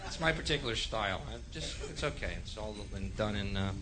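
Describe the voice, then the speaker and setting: A man doing live stand-up comedy, ranting in a profane, sardonic way that swings from mutters to shouts. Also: on the low side, animated, brisk. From United States. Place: comedy stage.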